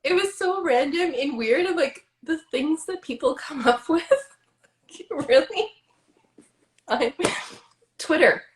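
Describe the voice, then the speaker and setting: A woman's voice: high-pitched, expressive, takes it slowly, long pauses. A middle-aged woman co-hosting a podcast in easygoing, giggly casual chat over a video call. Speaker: podcast co-host.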